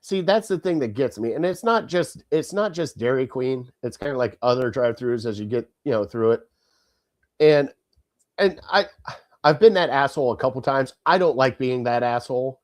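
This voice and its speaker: A man co-hosting a casual sports podcast, telling family stories in an animated way and acting out the people in them. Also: mid-range voice, normal speed. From Ohio, United States. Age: adult parent. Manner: animated storyteller, acts out family members. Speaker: podcast co-host. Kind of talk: casual chat.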